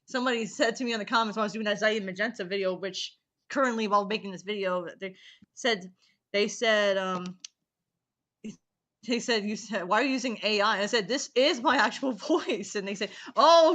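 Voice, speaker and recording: A teenage girl hosting a casual chat, rambling and giggling between quick asides. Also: mid-range voice, steady tone, bright, forceful tone. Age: teens. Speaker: host. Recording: echoey call audio.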